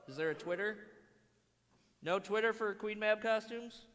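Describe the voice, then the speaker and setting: Joking bright-voiced man in a hall. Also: sits high, moderate pace, long pauses. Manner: joking, playful, plugs merchandise. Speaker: host. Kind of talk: casual live-stream banter.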